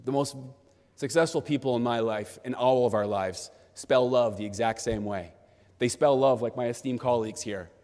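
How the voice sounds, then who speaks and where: A man giving an animated storytelling speech to graduates, acting out a child's voice in the telling. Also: medium pitch, normal speed. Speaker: convocation speaker. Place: large convocation hall. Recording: long hall reverb.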